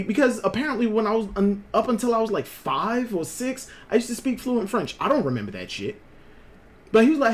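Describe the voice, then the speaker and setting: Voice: medium pitch, big pitch swings, fairly quick. Swearing, rambling live-stream host. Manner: rambling, swears freely, chats with viewers. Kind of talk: casual live-stream storytelling.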